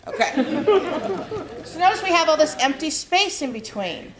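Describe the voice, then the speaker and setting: A woman's voice: high voice, big pitch swings, unhurried. A woman hosting a live improv show, upbeat and laughing as she sets up games for the audience. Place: large hall with live audience. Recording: echoey hall, crowd noise.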